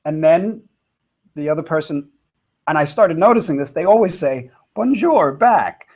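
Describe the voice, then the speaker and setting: A man's voice: fairly high pitch, animated, moderate pace, a little mellow. A man in his fifties, a touring musician telling a reflective story with many fillers and restarts. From United States.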